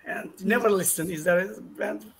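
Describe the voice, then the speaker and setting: Husky high-voiced male interviewer. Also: normal speed. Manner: prodding, playful questions. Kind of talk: casual interview.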